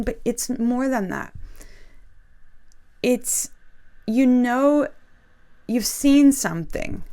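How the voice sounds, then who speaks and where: A woman's voice: medium pitch, a little mellow. Earnest woman sharing a spiritual message. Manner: earnest, emotional, addresses viewers directly with frequent "okay?". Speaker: faith video host. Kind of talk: casual spiritual talk to camera.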